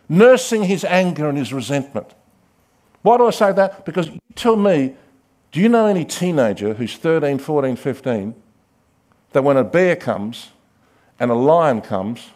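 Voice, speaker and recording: A man preaches a sermon in a fairly high voice, full of drama. He rises to loud, ringing calls, then drops to hushed asides. He acts out the people in his stories as he goes. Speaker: pastor.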